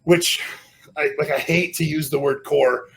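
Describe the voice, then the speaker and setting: A middle-aged man, a strongman guest on a podcast, telling stories casually with lots of swearing and loud self-mocking outbursts. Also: on the high side, steady tone, unhurried, creaky.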